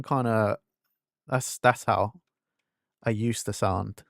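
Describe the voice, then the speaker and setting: A man's voice: lowish voice, steady tone, slow, vocal fry, dry recording, studio quality. A young man from England, his English accent fading toward London, chatting casually and rambling on a gaming stream. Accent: fading English, London-leaning. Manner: rambling, filler-heavy, self-interrupting.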